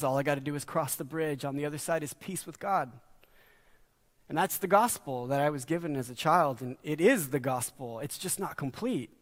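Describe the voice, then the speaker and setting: Middle-aged guy preaching, kinda high voice, earnest, goes quiet to stress stuff. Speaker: pastor. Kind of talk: sermon.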